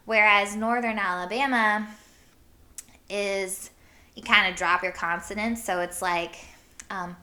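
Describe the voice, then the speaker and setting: Bright, rambling woman podcast host. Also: mid-range voice, fairly even intonation, measured pace, pauses often. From Iowa. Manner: rambling, full of "like", laughs often. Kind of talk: casual storytelling chat.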